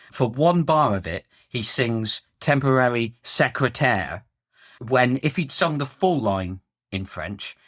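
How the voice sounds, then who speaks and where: A man's voice: medium pitch, fairly bright tone, no echo. A man talks through a long, opinionated rant in a casual podcast chat. His voice sits in the middle of the male range and sounds close and dry, with no room around it. He mixes blunt criticism with wry asides. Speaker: podcast co-host.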